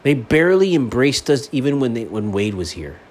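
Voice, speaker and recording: A man's voice: medium pitch, big pitch swings, fairly quick. A man hosting his own sports fan podcast, delivering a profane, fired-up monologue. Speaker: podcast host. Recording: faint background noise.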